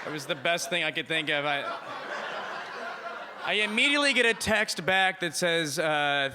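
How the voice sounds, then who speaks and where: Guy doing standup, high bright voice, rambles and pokes fun at himself, swings up and down a lot. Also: expressive, normal speed, noisy background. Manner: rambling, self-deprecating, jumps into voices. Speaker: stand-up comedian. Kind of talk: stand-up comedy set. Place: comedy club stage.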